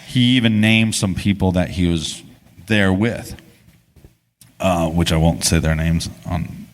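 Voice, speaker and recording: A man's voice: low voice, a little slow. A man, co-hosting a live podcast on stage and telling a story in a casual, rambling way with many restarts. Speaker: podcast co-host. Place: podcast festival stage before an audience. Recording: live stage with long hall reverb.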